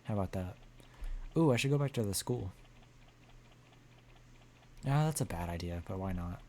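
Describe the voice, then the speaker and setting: A man's voice: fairly low pitch, expressive, normal speed, dark tone, slight background noise. A tired man streaming a video game, rambling and joking in a casual way. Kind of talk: casual game livestream commentary.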